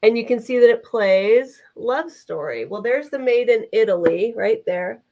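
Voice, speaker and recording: A woman's voice: on the high side, lively intonation, measured pace, muffled recording, noisy background. A woman co-hosting a live vintage sale, chatting enthusiastically as she describes items. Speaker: vintage seller co-host.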